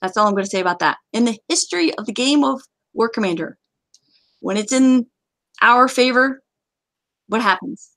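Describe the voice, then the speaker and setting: Chatty, joking woman host, fairly high voice. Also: expressive, moderate pace, long pauses, fairly bright tone, no echo. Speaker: game community host. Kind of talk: casual gaming chat.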